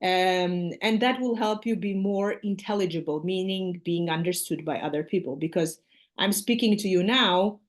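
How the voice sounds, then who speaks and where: A woman's voice: on the low side, moderate pace. A woman chatting casually and encouragingly with a learner of English. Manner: encouraging, chatty, laughs easily. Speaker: English conversation partner. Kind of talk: casual conversation.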